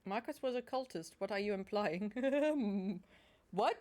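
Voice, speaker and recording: A woman streaming a game chats away with sarcastic asides and casual swearing. Her voice swings widely in pitch, bouncing between mutters and bright exclamations. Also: lively intonation, measured pace. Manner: sarcastic, swearing, laughing often. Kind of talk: casual gaming commentary.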